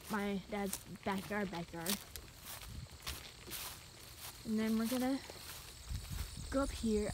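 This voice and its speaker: Walking through woods and a rural field, a young woman with a slightly high voice chats in a casual walking vlog. She's a little breathless and rambling, with wind and insects audible around her.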